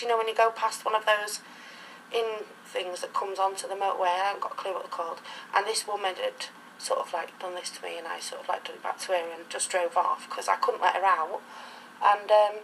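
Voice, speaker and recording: A woman's voice: medium pitch, fairly even intonation, a little fast, vocal fry, a bit bright, a little hiss or hum, rough recording. A middle-aged woman talking casually in an interview, rambling through anecdotes in a chatty way. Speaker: interviewee, reborn doll collector.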